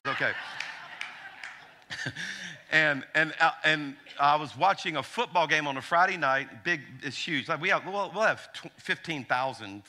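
Bright-voiced pastor joking through a sermon. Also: male voice, medium pitch, slight background noise. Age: 40s. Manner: storytelling with humor, animated asides.

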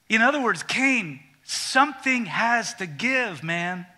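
Male pastor, lively sermon delivery, high bright tone, shifts into quiet confiding asides. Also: unhurried, hardly any pauses. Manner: animated, acts out quoted voices.

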